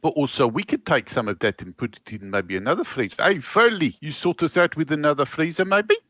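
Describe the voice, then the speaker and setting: A man's voice: fairly high pitch, expressive, fairly quick, a bit bright, dry recording, muffled recording. A man in a tabletop role-play, speaking in character as an easygoing, scheming crew chemist. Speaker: player.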